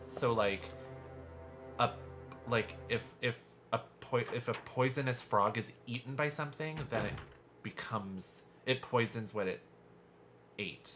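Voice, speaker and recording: A man's voice: mid-range voice, fairly bright tone. A man streaming a horror game live, chatting in a gushing, campy way as he plays. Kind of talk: live gameplay commentary. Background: game music.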